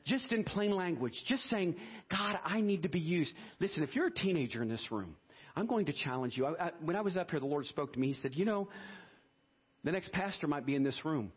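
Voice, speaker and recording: A man in his fifties, a pastor preaching a lively sermon that moves between joking asides and earnest appeals. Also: fairly high pitch, a little fast, breathy edge, highs cut off. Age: 50s. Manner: lively, switches between singing, joking and hushed prayer. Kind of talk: sermon with singing and prayer.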